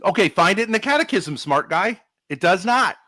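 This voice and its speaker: A man's voice: high-pitched, animated, moderate pace, bright, forceful tone, no room sound. A man arguing hard on a live-stream panel, profane and talking over the others. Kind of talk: heated live-stream debate.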